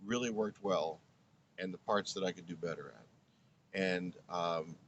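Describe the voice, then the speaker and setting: Older man, low earnest voice. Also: a little slow, lo-fi sound, a little hiss or hum. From Brooklyn, New York. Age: 70s. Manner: earnest, reflective, restarts phrases often. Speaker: guest, former radio broadcaster. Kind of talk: interview storytelling.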